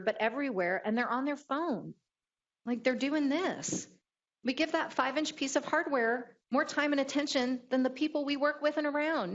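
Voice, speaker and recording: Animated woman giving a motivational talk. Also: fairly high pitch, dull audio. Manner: animated storyteller acting out quotes. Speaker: keynote speaker.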